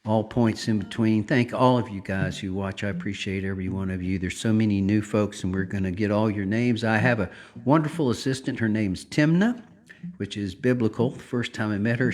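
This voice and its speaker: A man hosting a weekly gospel livestream, talking softly and devotionally to viewers, with frequent filler words. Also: on the low side. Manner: soft-spoken, unhurried, many filler words. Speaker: gospel singer and livestream host. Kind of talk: casual devotional talk. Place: home livestream.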